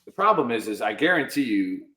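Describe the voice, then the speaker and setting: A man's voice: mid-range voice, very animated, a little fast, pushed and bright, roomy sound. A man hosting a veterans' talk show, teasing his guests in rowdy, profane, joking banter. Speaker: podcast host. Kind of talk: rowdy casual chat.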